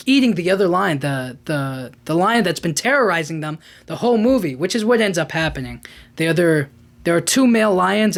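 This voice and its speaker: Rambling podcast host man. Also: a little high. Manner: rambling, animated, lots of fillers and restarts. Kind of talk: casual movie recap.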